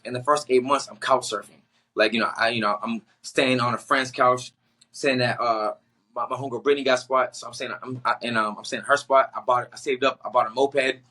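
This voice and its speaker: Bright-voiced young man telling a lively story. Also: mid-range voice, fairly quick. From Boston area. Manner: animated storyteller acting out quotes with slang and laughs. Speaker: guest, actor. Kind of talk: casual storytelling in a podcast interview.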